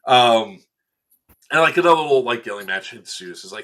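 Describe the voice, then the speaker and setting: A man chatting casually on a podcast, telling an animated story, acting out quotes and laughing often. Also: medium pitch, a little fast. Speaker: event staff member recounting a game day.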